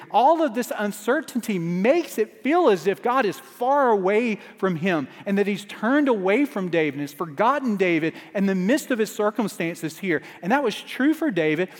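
A man's voice: sits high, long reverb tail. A man preaching a sermon as a pastor, earnest, building urgency through repeated refrains.

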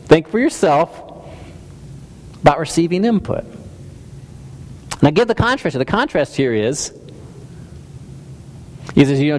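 A man's voice: on the high side, sing-song, a little slow, pauses often. Man preaching in a reverberant hall. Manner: conversational, self-deprecating, many restarts and stammers. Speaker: pastor. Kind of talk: sermon. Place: church hall.

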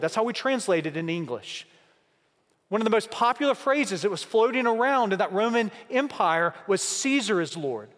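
A man preaching a sermon, building through repeated rhetorical questions and slow, emphatic pauses. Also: high voice, a bit bright. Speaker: pastor. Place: church sanctuary. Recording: long hall reverb.

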